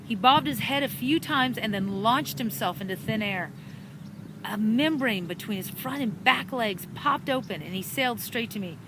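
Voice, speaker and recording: A woman reading a children's storybook chapter aloud with an animated, dramatic delivery, recorded outdoors in a park. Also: a little high, normal speed. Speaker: storybook reader. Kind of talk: expressive storybook narration. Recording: outdoor park with traffic noise.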